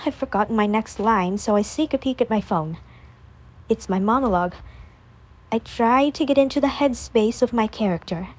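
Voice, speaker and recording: A woman narrating a first-person audiobook in a calm, measured reading voice. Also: a little high.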